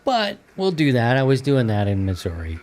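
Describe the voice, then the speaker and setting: A man's voice: mid-range voice, wildly swooping pitch, moderate pace, darkish tone, slight background noise. A man hosting a radio-hobby podcast in a loose, rambling, casual chat with many fillers. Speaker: podcast host.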